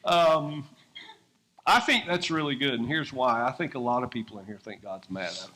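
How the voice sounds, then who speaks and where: Male pastor, bright and forceful, excitable, laughs often, drops loud to hushed. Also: mid-range voice, moderate pace, a little hiss or hum. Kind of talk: sermon-style interview on stage. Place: church service.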